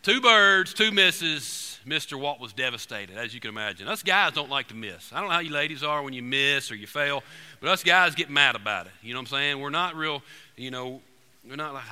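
A man preaching to a congregation, telling an animated, joking hunting story to the room. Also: fairly high pitch, brisk, clear, resonant tone. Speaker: pastor. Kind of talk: storytelling sermon. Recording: long reverb in a large hall.

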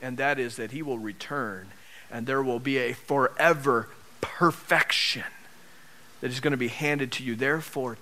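Speaking at normal speed and medium pitch, a pastor delivers a sermon in church. He moves from forceful, loud emphasis to quiet near-whispers and jokes with the congregation along the way.

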